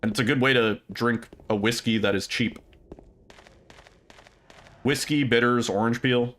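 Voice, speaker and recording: A man's voice: mid-range voice, steady tone, unhurried, fairly bright tone. A young man livestreaming, chatting casually with viewers, rambling with fillers, laughing often and swearing freely.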